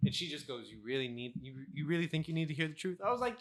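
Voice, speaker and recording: Young male podcast co-host, slightly high, bright voice, animated storyteller. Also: fast talker. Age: young adult. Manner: animated storyteller, laughs often. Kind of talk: casual chat.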